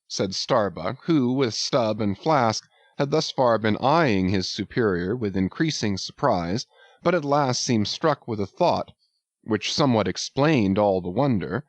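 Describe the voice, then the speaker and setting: Male audiobook narrator, deliberate and slow, dry close sound. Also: lowish voice, animated, dry recording.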